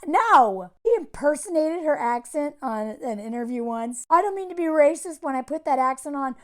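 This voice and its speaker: A woman's voice: high-pitched, animated, normal speed. A woman giving casual, sarcastic video commentary, exasperated and mocking as she talks. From United States. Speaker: commentary vlogger.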